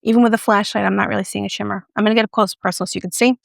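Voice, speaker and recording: Gravelly, chatty woman reviewing makeup. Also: medium pitch, steady tone, rapid-fire, no room sound, studio quality. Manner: playful, chatty, jokey asides. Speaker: beauty vlogger.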